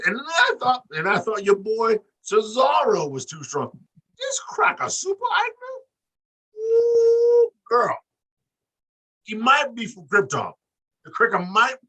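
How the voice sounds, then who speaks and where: A man co-hosting a wrestling podcast, talking in loose, profane banter with big animated swings in his voice. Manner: animated, profane, acts out quotes with big pitch jumps. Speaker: podcast co-host. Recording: distant mic.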